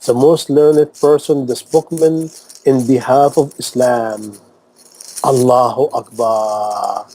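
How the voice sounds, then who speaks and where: A male preacher delivering an emphatic sermon in non-native English. He repeats phrases for weight and piles up rhetorical questions. His voice sits at a middle pitch with a warm, dark tone. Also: unhurried, dry recording, low-quality recording. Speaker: Islamic preacher. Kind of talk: impassioned sermon talk.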